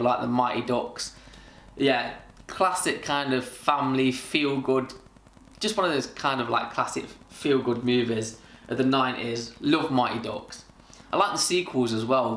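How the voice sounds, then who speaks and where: A man's voice: medium pitch, fairly bright tone. A man in his thirties chatting casually and rambling with many fillers as he reminisces in a vlog. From Britain. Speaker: vlogger. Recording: echoey room.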